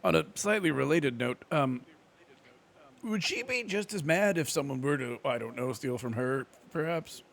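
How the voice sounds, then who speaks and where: A man's voice: medium pitch, expressive, normal speed, vocal fry, fairly bright tone. A man playing a tabletop game, talking in a playful, hesitant, joking way. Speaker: player. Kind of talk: casual tabletop play.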